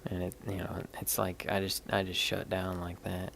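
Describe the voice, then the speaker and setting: A man's voice: deep voice, completely flat delivery, moderate pace, creaky, hardly any pauses, a bit bright, a little hiss or hum. A man rambling candidly in casual live-stream chat while showing stones, swearing now and then. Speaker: livestream host showing stones.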